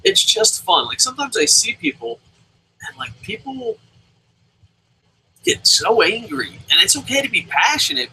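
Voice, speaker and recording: A young man hosting a casual live review alone, reading viewer comments aloud and swearing freely as he jumps between loud outbursts and mumbled asides. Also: sits high, sing-song, normal speed, pauses often, slight background noise, rough recording. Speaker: show host.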